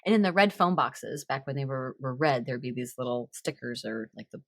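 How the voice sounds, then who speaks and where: A woman's voice: very deep voice, animated, fairly quick, no room sound, studio quality. A woman hosting a casual chat podcast, giggly and laughing often between sentences. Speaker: podcast host.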